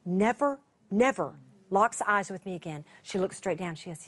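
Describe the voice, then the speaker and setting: A woman, a Bible teacher telling a personal story to her broadcast viewers. She talks in a chatty way, restarts her sentences and laughs at herself, and she drops to a hush at tender moments. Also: medium pitch, expressive, normal speed.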